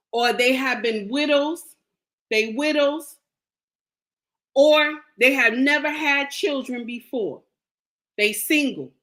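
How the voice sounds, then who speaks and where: A woman with a high, bright, forceful voice delivers a relationship advice monologue straight to camera. She talks in an unhurried way, blunt and preachy, hammering her points home by repeating them, with slangy scolding. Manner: emphatic, preachy, repeats lines for emphasis.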